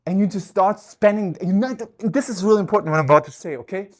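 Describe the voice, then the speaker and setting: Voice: mid-range voice, fast talker. Intense coach talking mid-workout. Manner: intense and emphatic, swears for emphasis; talks while working out at the gym. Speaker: life coach. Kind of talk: motivational podcast talk.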